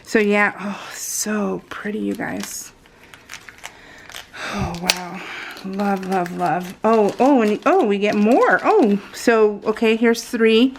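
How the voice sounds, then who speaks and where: Woman craft vlogger, casual and gushing, slips into whispers; gravelly texture. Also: medium pitch, takes it slowly, noisy background. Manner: gushing and excitable, often dropping to a soft whisper. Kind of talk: casual unboxing chat.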